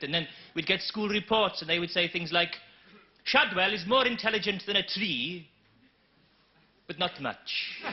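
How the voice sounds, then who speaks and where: Deadpan man doing absurd stand-up. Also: a little high. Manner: deadpan, absurd one-liners. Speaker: stand-up comedian. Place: TV studio stage. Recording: dull noisy 1980s TV broadcast.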